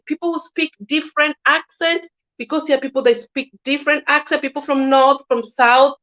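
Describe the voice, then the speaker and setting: Kenyan woman, halting and higher-pitched. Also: steady tone, a bit bright. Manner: halting, with frequent restarts and repeated words. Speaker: guest commentator. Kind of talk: casual political opinion talk. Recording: slightly dull lo-fi recording.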